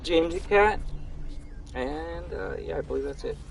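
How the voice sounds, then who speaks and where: A man's voice: fairly high pitch, normal speed, creaky, low-quality recording. A young man chatting casually to his viewers while livestreaming a game, rambling and talking straight to chat. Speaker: streamer.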